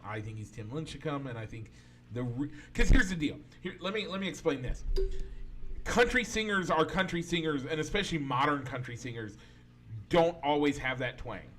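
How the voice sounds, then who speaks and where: This podcast co-host has a fairly high, slightly bright voice and speaks at a normal, animated pace. In casual sports and pop-culture chat, he argues his opinions at length, rambling loosely and restarting often.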